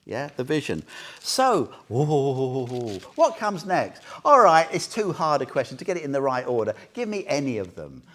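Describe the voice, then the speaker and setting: A man's voice: mid-range voice, wildly swooping pitch, normal speed, fairly bright tone. A man giving an informal Buddhist talk to a small group, chatty and joking, often quizzing his listeners. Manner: chatty, jokey, asks the group questions. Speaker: Buddhist teacher. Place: meditation centre room.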